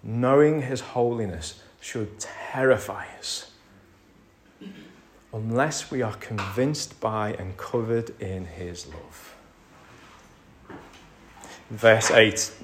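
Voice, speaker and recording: Emphatic preacher. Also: male voice, lowish voice, slow, long pauses, slight background noise. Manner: rises to emphatic crescendos, drops to near-whisper. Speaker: pastor. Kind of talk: sermon.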